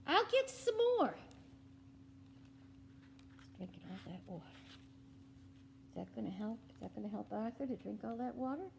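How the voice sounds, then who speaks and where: A woman reading a picture book aloud to children, animated with hushed whispery asides. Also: mid-range voice, a little fast, vocal fry, long pauses, background noise. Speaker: library guest reader.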